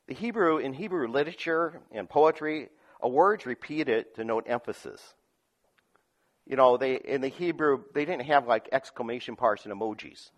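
A man preaching a sermon, reading scripture aloud and explaining it, moving between loud emphatic lines and quiet asides with frequent chuckles. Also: on the high side, animated, moderate pace. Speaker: pastor.

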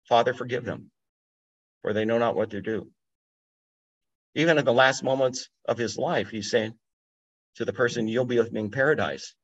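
A man gives a relaxed, conversational Bible teaching, pausing to think aloud and prompting his listeners to consider each point. His voice sits at an ordinary middle pitch. The recording sounds a little dull and lo-fi. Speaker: pastor. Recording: dull lo-fi audio.

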